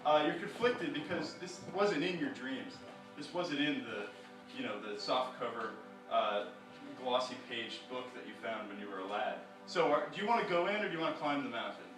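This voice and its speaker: A man's voice: medium pitch, animated, normal speed. Rambling man narrating a live story. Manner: rambling, full of fillers and restarts, playful asides. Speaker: storyteller and comics reader. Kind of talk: live interactive story reading. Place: live performance venue. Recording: echoey room from a distance with music.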